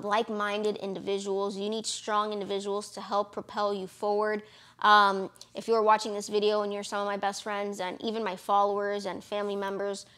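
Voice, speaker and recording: A woman's voice: mid-range voice, a bit bright. Chatty, encouraging young woman vlogger. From Florida, USA. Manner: chatty, encouraging, many fillers. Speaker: lash business owner and vlogger. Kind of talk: casual talk to camera.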